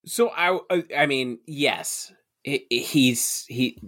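A man's voice: mid-range voice, slow, a bit bright. A man co-hosting a comedy podcast who talks casually and animatedly and corrects the details of the story. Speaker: podcast co-host.

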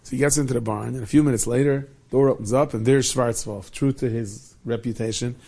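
A man telling a Hasidic tale in a lively way, dropping in many Yiddish and Hebrew words. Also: medium pitch, fairly quick, gravelly, slightly rough. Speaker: storyteller.

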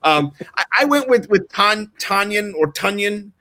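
Chatty man with a fairly high voice. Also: very animated, normal speed, sharp tone. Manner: rambling, jokey and chatty. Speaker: fantasy football co-host. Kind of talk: casual sports chat.

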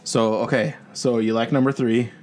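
A man's voice: mid-range voice, steady tone, moderate pace, darkish tone. A man co-hosting a podcast in casual chat, rambling with frequent restarts and easy laughs. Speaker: podcast co-host.

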